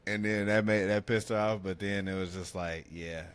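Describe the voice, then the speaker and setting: A man, co-hosting a podcast in casual chat, a lively storyteller who laughs often. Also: on the low side, fairly quick, clean tone. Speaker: podcast co-host.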